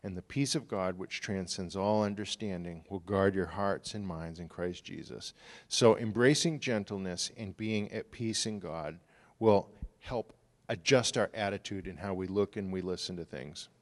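A middle-aged pastor giving a sermon in a relaxed, conversational way, telling stories and acting out the people he quotes. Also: deep voice, normal speed.

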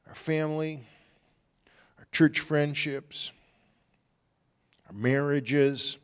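A middle-aged pastor giving a sermon in a relaxed, conversational way, telling stories and acting out the people he quotes. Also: on the high side, drawn-out words, smooth.

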